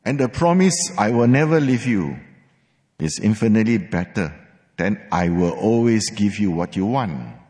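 A man's voice: on the low side, animated, moderate pace, a little mellow. A man preaching a sermon, emphatic, repeating words for stress, with some fillers. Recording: long hall reverb.

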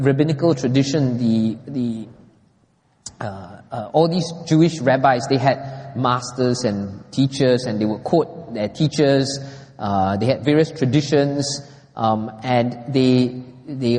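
A man's voice: darkish tone, in a large hall, rough recording. A man preaching a Bible lesson in a conversational way, often asking "right?" and lifting his voice when he quotes scripture. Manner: conversational, frequent "right?" tag questions; raises pitch when quoting scripture. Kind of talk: Bible teaching.

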